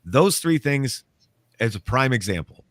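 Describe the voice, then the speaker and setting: A man, a paranormal author and interview guest, telling a story in a casual, animated way and acting out the quotes. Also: medium pitch, measured pace, no room sound. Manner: animated, acts out quotes, laughs often.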